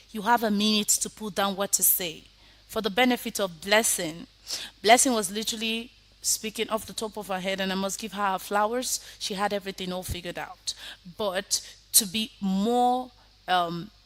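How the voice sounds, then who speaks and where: Woman, teacher, emphatic, mid-pitched voice, online lesson over video call. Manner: emphatic, often swings from soft to loud.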